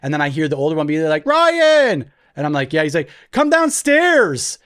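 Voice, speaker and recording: A young man with a voice on the high side talks very fast as he co-hosts a podcast. In casual chat he tells a story with animation, loudly acting out the voices he quotes.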